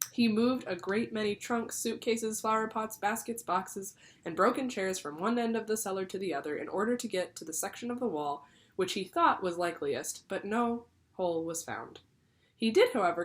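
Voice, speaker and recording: A teacher reading a children's book aloud, pausing to explain the story to her class. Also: medium pitch. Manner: lively, pausing to explain to pupils.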